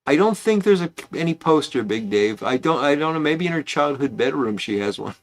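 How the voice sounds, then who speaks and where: Gravelly man hosting a casual livestream. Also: on the high side, lively intonation, moderate pace. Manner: rambling, chatty, greets viewers by name. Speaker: host of a pipe smoking livestream.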